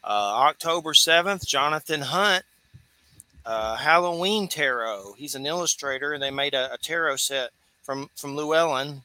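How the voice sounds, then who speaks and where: A man's voice: a little high, normal speed, bright, forceful tone, no room sound. A man, hosting a radio talk show in a loose, rambling way with easy laughs. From Georgia, US. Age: 40s. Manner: loose and chatty, laughs easily, rambling asides.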